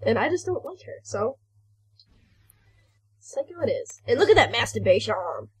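Young woman, let's-play co-host; high, lively voice, crude and giddy. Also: normal speed. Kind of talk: casual gaming chat.

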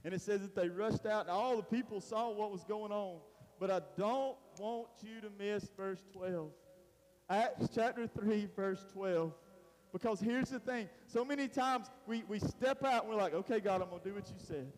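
Man preaching, high voice, loose conversational delivery with restarts, reverb from a church hall. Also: unhurried, faint music behind. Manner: casual Southern preaching, lots of "man" and restarts. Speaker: pastor. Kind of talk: sermon.

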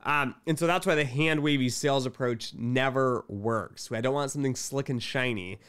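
A middle-aged man talking casually to camera about finance work, telling candid stories and acting out both sides of sales pitches. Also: moderate pace, a bit bright, clean tone. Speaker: quant finance commentator.

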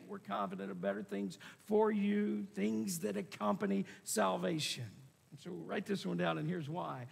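A man's voice: high voice, creaky, a bit bright, husky, in a large hall. A man preaching a sermon as pastor, reading scripture aloud and repeating words as he presses his points. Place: church sanctuary.

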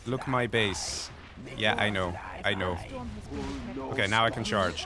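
A man's voice: on the low side, measured pace, crowd noise. A man giving casual, self-mocking commentary while playing a strategy game online, laughing often. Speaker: game streamer. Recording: faint game music behind.

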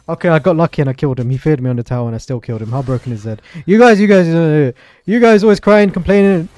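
A man's voice: a little high, fast, few pauses, dry recording. Chatty young man streaming gameplay. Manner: excitable, chatty, apologetic asides to chat. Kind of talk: live gameplay commentary.

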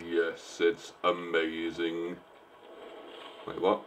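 Low-pitched and monotone, this gameplay streamer draws out his words over slight background noise. His let's-play commentary is casual and joking, and he talks back to the game's characters.

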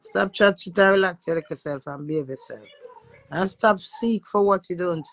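A woman's voice: on the low side, moderate pace, vocal fry, a little hiss or hum, rough recording. A Jamaican woman who is a social media influencer, chatting brashly and profanely in patois with her live-stream viewers. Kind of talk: casual live-stream chat.

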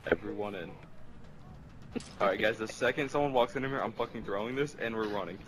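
A man's voice: on the low side, a little fast, a bit bright, low-quality recording. A man in gaming party chat, bossy and swearing, repeating orders to his teammates. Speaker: gamer.

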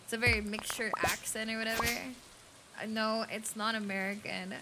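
A woman's voice: on the high side, level tone, normal speed, heavy background noise. A young woman with a light Filipino accent, chatting casually on a game stream, reading chat aloud and swearing freely.

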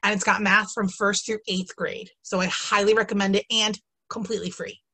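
Her mid-range voice barely moves in pitch, sounding fairly quick, pushed, bright, and husky. She's a teacher giving a casual, enthusiastic webinar lesson full of ums and asides, and she has the hiccups.

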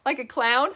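Bright, high-voiced preschool teacher woman. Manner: slow, sing-song, encouraging prompts to children. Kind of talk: interactive preschool lesson.

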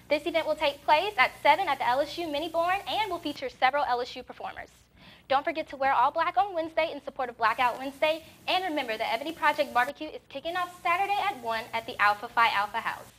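A woman's voice: high-pitched, lively intonation, fast talker, a bit bright. A young woman presenting campus event announcements in a cheerful, breezy scripted read. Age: young adult.

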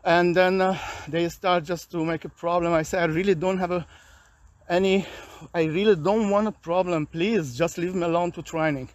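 A high-voiced man talks to his camera from a park, his halting and restless. He sounds worn out and agitated. The sound is dry and close, with no room echo. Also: fairly even intonation. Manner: agitated, weary, halting non-native English. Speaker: vlogger. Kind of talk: personal video complaint. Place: outdoors in a park.

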